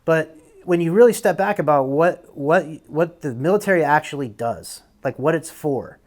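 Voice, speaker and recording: Man, young adult, podcast guest, military veteran, candid, rambling, swears a little, slightly high voice. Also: animated, normal speed, darkish tone. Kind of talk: casual conversation.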